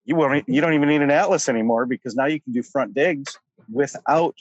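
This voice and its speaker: A man's voice: medium pitch, brisk, no room sound, dull audio. A man in casual podcast chat, explaining with enthusiasm and a light, teasing tone. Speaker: podcast co-host.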